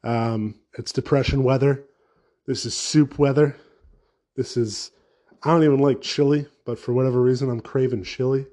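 A man's voice: mid-range voice, steady tone, moderate pace, dark tone. A man hosting his own podcast alone, talking casually in a rambling, profane and sarcastic way. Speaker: podcast host. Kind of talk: casual solo podcast rant.

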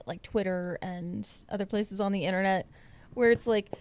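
A woman's voice: mid-range voice, fairly even intonation, normal speed, darkish tone. A young woman co-hosting a podcast, chatting casually and rambling with many fillers. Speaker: podcast co-host. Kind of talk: casual chat.

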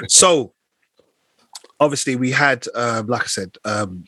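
Husky man hosting a chat. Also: medium pitch, a little slow, dry recording, poor audio. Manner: slangy, animated retelling of scenes. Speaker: podcast host. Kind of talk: casual chat.

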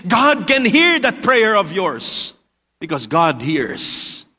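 A man preaching a sermon with earnest repetition, often dropping low and soft for emphasis. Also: huge pitch swings, slow, slightly rough. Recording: long hall reverb.

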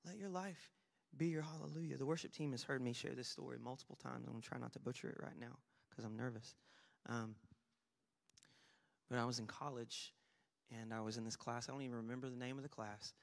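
A young man preaching a sermon, telling self-deprecating stories with sudden loud bursts of emphasis. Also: mid-range voice, steady tone, a little fast, creaky. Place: church sanctuary. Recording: long hall reverb.

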